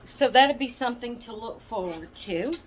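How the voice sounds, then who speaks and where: A woman's voice: fairly high pitch, expressive, moderate pace, a little hiss or hum. A woman hosting her doll channel, chatting casually and rambling to viewers with plenty of ums and asides. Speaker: doll channel vlog host.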